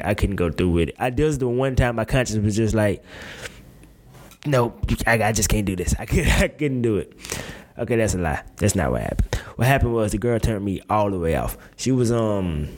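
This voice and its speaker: A man's voice: on the low side, a little mellow. A man in his twenties giving a candid, rambling confessional monologue, full of slang and restarts.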